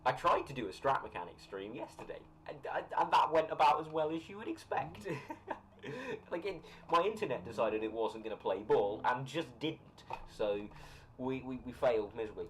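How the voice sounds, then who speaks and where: A man's voice: medium pitch, lively intonation, moderate pace. A young British man chatting casually on a live stream while gaming, rambling as he reads and answers chat comments. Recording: noisy home recording.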